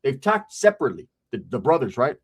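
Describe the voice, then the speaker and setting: A man's voice: mid-range voice, quick pace. A man telling a comic street story in a slangy, profane way, often asking "right?". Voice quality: animated, swearing, slangy, asks "right?".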